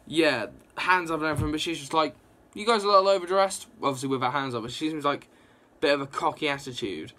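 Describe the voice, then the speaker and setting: A young man casually reviewing a comic book, rambling and excitable, with lots of fillers and restarts. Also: a little high, fast, few pauses. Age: young adult.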